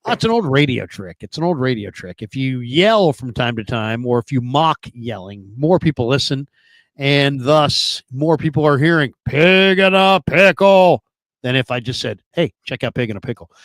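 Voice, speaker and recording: A man hosting a live-streamed sports talk show, with booming, energetic hype and chatty sponsor reads. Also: normal speed, no room sound.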